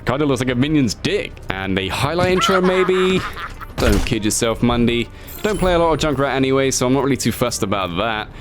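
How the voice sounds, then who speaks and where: A man giving casual, excitable commentary as a gaming YouTuber. He swears freely and jokingly scolds himself as he talks. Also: mid-range voice, brisk, over music.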